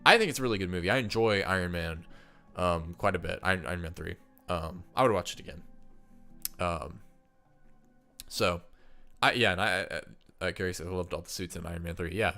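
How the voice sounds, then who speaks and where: A man with a stuffed-up, somewhat low voice talks casually to his viewers as if thinking aloud, full of fillers and restarts. Faint music plays in the background. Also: a little fast, gravelly, long pauses, sharp tone. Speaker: streamer ranking movies.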